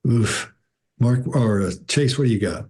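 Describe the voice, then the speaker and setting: A man's voice: mid-range voice, measured pace, a little mellow, husky. A man hosting a panel in a casual way, passing the word to the next speaker. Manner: casual, hands over to others.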